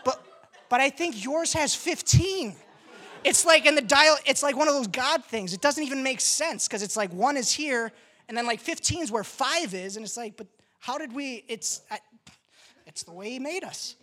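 Animated joking woman preacher. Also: high voice, moderate pace. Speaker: pastor. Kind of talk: casual sermon.

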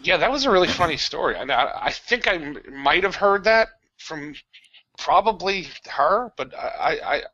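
A man's voice: a little high, animated, normal speed, sharp tone, no echo, muffled recording. A man in his thirties from New Jersey, a podcast guest, talking casually and hesitantly and hedging his points. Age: 30s. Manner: hesitant, hedging, with many fillers.

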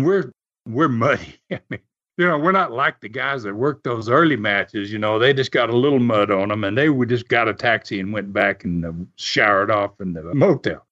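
Guy spinning old road stories, lively up-and-down voice, laughs a lot, kinda dull lo-fi audio. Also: lowish voice, normal speed. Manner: animated, laughs often, restarts sentences. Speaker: podcast host telling wrestling stories. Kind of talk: casual storytelling.

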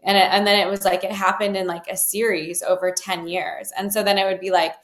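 A woman's voice: medium pitch, fairly even intonation, fast, few pauses. Talkative woman in an echoey room. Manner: conversational, many fillers and restarts. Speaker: guest, healer. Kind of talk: personal story in an interview. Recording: roomy echo.

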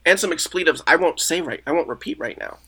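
A man's voice: fairly high pitch, animated, fast talker, bright, forceful tone, breathy edge. A man as a comedic podcast guest in an improvised interview, rambling, stammering and justifying himself.

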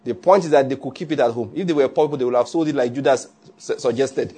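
A man preaching a sermon in an animated way, often checking with his listeners. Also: mid-range voice, fast talker, breathy edge. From Nigeria. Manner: animated, asks the audience often.

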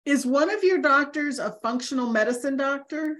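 A woman's voice: sits high, animated, moderate pace, a bit bright. A woman co-hosting a podcast, adding brief supportive remarks and questions. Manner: frequent murmured agreement, supportive. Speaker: podcast co-host. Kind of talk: interview conversation.

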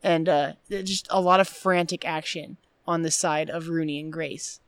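A woman co-hosting a casual movie podcast, talking through scenes and acting out the lines in animated voices. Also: low-pitched, normal speed, clear, resonant tone, no room sound. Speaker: podcast co-host.

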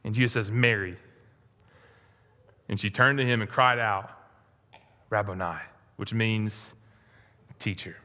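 A man preaching a sermon as pastor, earnest and pleading, swinging from soft, low lines to urgent ones. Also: fairly even intonation, moderate pace, big-room sound.

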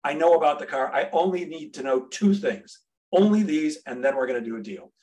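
A man's voice: on the high side, animated, fairly quick, dark tone. A middle-aged man, a sales trainer and podcast guest, telling a brash, humorous story and acting out the dialogue.

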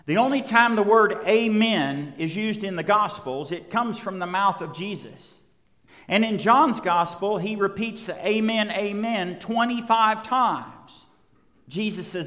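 High-voiced male pastor preaching in a hall. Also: unhurried, fairly bright tone. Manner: emphatic preaching with repeated rhetorical questions. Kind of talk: sermon.

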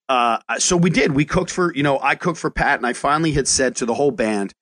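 Profane, animated male podcast host. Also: medium pitch, fairly quick. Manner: profane, restarts a lot, animated storyteller. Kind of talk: casual chat.

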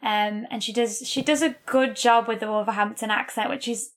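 A woman's voice: fairly high pitch, fairly even intonation, moderate pace. A woman from the UK co-hosting a podcast, chatting casually and enthusiastically, and stumbling over repeated words. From United Kingdom. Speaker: podcast co-host.

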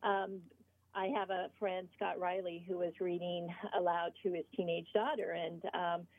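A woman author being interviewed, explaining earnestly in short halting phrases over the phone. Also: lowish voice, little pitch movement, creaky, no room sound. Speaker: author guest. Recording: tinny phone line.

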